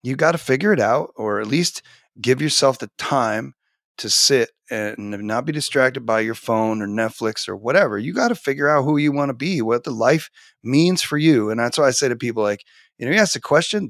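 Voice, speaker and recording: The speaker is a man in his forties, a teacher and author, appearing animatedly as a guest on a casual podcast interview from his home office and frequently using fillers and restarts. He talks at a medium pitch, a little fast and lively, on a dry, studio-quality recording.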